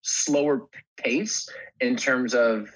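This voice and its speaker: A man's voice: medium pitch, fairly even intonation, takes it slowly, a bit bright. A man, a guest actor in a casual podcast chat, talking through his work in a hesitant way with many restarted phrases. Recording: slightly muffled, dull sound.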